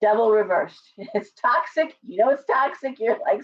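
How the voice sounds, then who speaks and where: A woman's voice: a little high, animated, normal speed. A woman giving a casual live tarot reading, blunt and chatty, full of asides and restarts. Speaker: tarot reader. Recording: distant, dull lo-fi sound.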